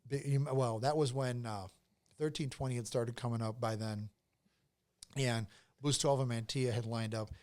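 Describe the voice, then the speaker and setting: A man's voice: mid-range voice, fairly even intonation, normal speed, darkish tone. A man as a podcast guest, telling a long casual story with lots of fillers, restarts and swearing.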